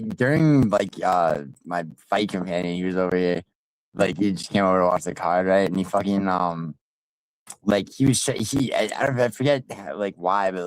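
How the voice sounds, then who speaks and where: Low-voiced man, profane rambling chat. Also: dry recording, low-quality recording. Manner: profane, rambling, restarts a lot. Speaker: streamer. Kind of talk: casual panel chat.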